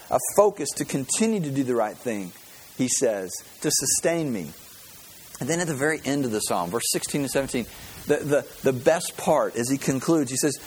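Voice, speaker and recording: Male preacher, sermon, fairly high voice, earnest, restarts words, light background hiss. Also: low-quality recording. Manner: earnest, repeats words while building a point. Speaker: pastor.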